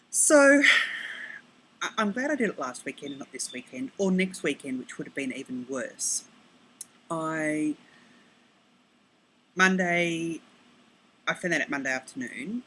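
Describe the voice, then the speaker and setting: A middle-aged Australian woman hosting a podcast, chatting casually and rambling with quick self-corrections and asides, recorded outdoors on her deck. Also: low voice, lively intonation, fairly bright tone, a little hiss or hum, poor audio. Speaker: podcast host. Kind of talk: casual chat.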